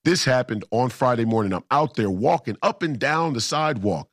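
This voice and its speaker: A man's voice: medium pitch, expressive, moderate pace, dry recording, studio quality. A man in a casual storytelling monologue, emphatic and combative, repeating himself for effect. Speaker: political commentator.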